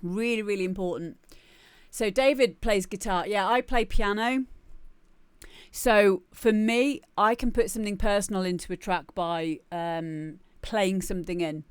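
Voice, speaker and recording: A woman's voice: medium pitch, fairly even intonation, unhurried, smooth, dry recording. A woman talking casually on a live stream, chatty and repeating herself as she gives feedback on music. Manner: chatty, restarts and repeats words often.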